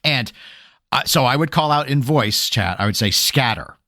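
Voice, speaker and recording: On a casual gaming podcast with a clean, dry studio recording, a co-host speaks at a moderate pace in a mid-range voice. He goes off on a long tangent, telling it animatedly and performing exasperated quotes.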